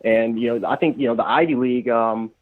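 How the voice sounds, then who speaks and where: A man's voice: medium pitch, steady tone, brisk. A man calling in to a sports talk show, asking hesitant questions with lots of fillers over a tinny phone line. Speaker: caller.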